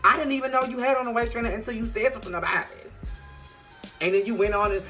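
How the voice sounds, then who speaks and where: A woman doing a sassy, profane recap of a reality show, animated and playful. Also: mid-range voice, fast talker, faint music behind. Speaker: vlogger reviewing a reality show.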